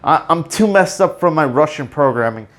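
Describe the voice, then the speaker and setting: A man re-enacting a guilt-ridden, brainwashed male super-soldier who refuses a hero's mantle, speaking low and haltingly. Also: expressive, a bit bright. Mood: reluctant.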